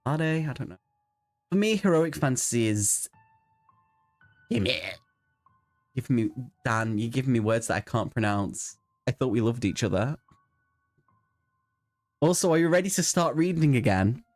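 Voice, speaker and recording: A man's voice: mid-range voice, animated, unhurried, pauses often, darkish tone, soft background music. A man hosting a casual book livestream, playful and giggly, slipping into silly voices. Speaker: book channel host.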